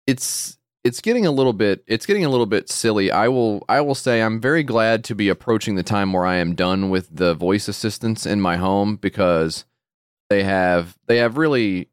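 A man co-hosting a podcast, chatting casually and profanely and jumping into high mock voices. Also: normal speed, clear, resonant tone, dry recording, studio quality. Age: adult with a wife and kid. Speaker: podcast co-host. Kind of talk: casual comedic chat.

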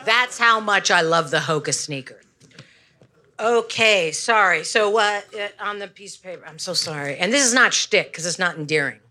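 A woman's voice: on the low side, animated, normal speed, bright, forceful tone. An older woman doing rambling, tangential stand-up on a wireless mic, full of apologies and self-deprecating asides. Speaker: comedian guest. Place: comedy stage before live audience. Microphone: handheld wireless mic.

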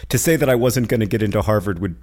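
A man's voice: on the low side, racing, a little mellow. A man co-hosting a podcast who chats casually and reads listener questions, with a wry, self-deprecating, dryly joking manner. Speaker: podcast co-host.

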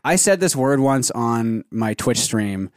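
A Canadian man co-hosting a podcast, speaking in an easygoing, halting way. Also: mid-range voice, lively intonation, dry recording, studio quality. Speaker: podcast co-host and streamer. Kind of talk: casual podcast chat.

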